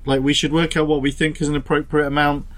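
A man co-hosts a relaxed podcast. He rambles through his stories, trips over his words and pokes fun at himself, laughing easily. His voice sits a little high for a man. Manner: rambling, self-deprecating, quick to laugh. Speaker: podcast co-host. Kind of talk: casual chat.

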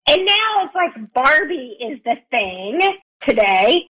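A woman with a high, bright-sounding voice co-hosts a business podcast. She talks in a loose, chatty way and teases her partner playfully. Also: sing-song, takes it slowly, husky, poor audio. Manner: playful, bantering. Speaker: podcast co-host. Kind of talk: casual chat.

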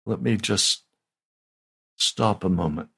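A man's voice: low voice, slow pace, creaky, a bit bright, breathy edge. A male pastor preaching a sermon, retelling a Bible story and rising to emphatic peaks.

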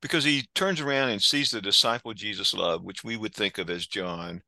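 A man's voice: lowish voice, moderate pace, sharp tone, dry recording, low-quality recording. A man co-hosting a conversational Bible study discussion, earnest and explanatory.

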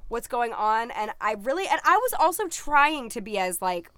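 A woman's voice: a little high, sing-song, moderate pace, fairly bright tone, no echo. A young woman chatting casually with a friend, bubbly and full of fillers. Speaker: vlogger. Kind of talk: casual chat.

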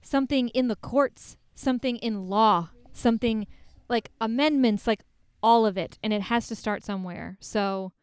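A woman podcast co-host with a high, smooth voice, ranting casually with plenty of swearing and self-mocking asides. The sound is dry and close. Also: moderate pace, dry recording.

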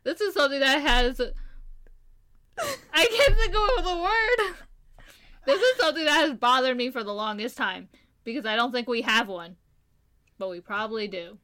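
A woman's voice: fairly high pitch, brisk, bright, forceful tone. A young woman from Maryland co-hosting a podcast, rambling and giggling through casual questions. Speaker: podcast co-host.

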